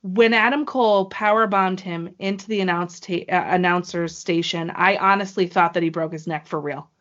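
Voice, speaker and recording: A woman hosting a podcast in casual chat, excitable and playful, with ring-announcer flourishes. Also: on the low side, moderate pace. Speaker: podcast host. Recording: dull lo-fi podcast audio.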